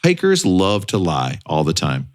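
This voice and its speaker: A man's voice: low voice, huge pitch swings, unhurried. A man in his twenties, a podcast co-host, telling a long story in a casual, self-mocking way with plenty of swearing. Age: 20s.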